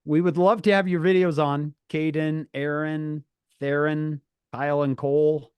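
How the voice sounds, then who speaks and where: A man's voice: on the high side, flat delivery, a little slow, a little mellow, clean tone, dry recording. A man hosting a youth group on a video call, greeting each person in a playful, teasing way. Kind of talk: casual chat on a video call.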